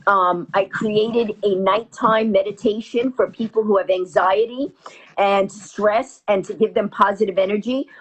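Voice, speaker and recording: A woman comedian telling a story as an interview guest, talking fast and acting out the voices of the people in it. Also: mid-range voice, husky, rough recording. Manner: fast, acts out quoted voices. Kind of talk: animated storytelling.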